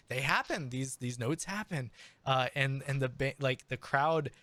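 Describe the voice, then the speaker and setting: A man narrating a tabletop game as game master, animated and full of restarts. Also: mid-range voice, unhurried, no room sound. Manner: animated, many restarts and fillers.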